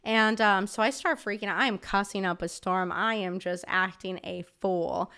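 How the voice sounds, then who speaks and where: A woman's voice: mid-range voice, fairly even intonation, normal speed, sharp tone, smooth. A woman guest on a podcast telling a story in a casual, chatty way, filling her talk with "like" and swearing freely. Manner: chatty, filler-heavy with frequent "like", swears freely.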